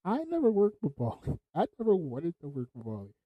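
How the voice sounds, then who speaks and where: A man's voice: a little high, wildly swooping pitch, brisk, dry recording, narrow, tinny audio. A man hosting a podcast, telling laid-back stories, laughing often and swearing freely. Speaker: podcast host. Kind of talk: casual storytelling.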